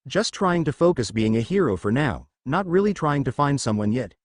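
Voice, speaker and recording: A man voicing a gentle, modest young male superhero who speaks softly, in a fan story reading. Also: medium pitch, sing-song, normal speed, dry recording.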